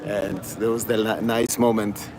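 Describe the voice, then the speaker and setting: A man's voice: lowish voice, flat delivery, a little slow, over music. A man with a Polish accent leading a walking tour in broken, chatty English, repeating place names as he goes. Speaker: tour guide. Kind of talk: live-streamed walking tour. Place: outdoors on city streets at night. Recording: street noise behind.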